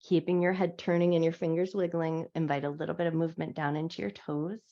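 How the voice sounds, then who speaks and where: A woman teaching a live yoga class on a clip-on mic, giving soft, soothing guided cues. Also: low-pitched, fairly even intonation, quick pace. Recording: dull lo-fi live class audio.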